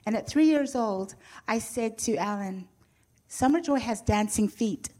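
A woman's voice: on the high side, a little slow, mellow. An older woman sharing a personal faith testimony with a church audience, heartfelt and earnest with light touches of humor.

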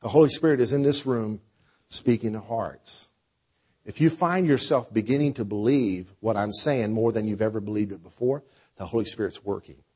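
A man preaching a sermon with a conversational style, dropping to quiet lines and rising to loud, drawn-out phrases. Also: fairly low pitch, slightly rough. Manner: preacher with a dynamic delivery, swinging between soft and loud. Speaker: pastor.

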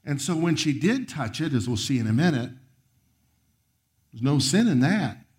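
A man preaching a sermon, reading scripture aloud and commenting on it, his voice rising high and then dropping to a near whisper. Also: big pitch swings, moderate pace. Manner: preaching with sharp swings of pitch and volume, dropping to a near whisper. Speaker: pastor.

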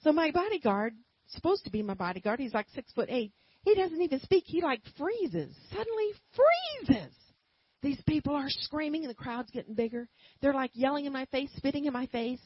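A woman preaching a sermon and telling a personal story, swinging from quiet asides to loud emphatic bursts. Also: high voice, big pitch swings, normal speed, no echo, highs cut off.

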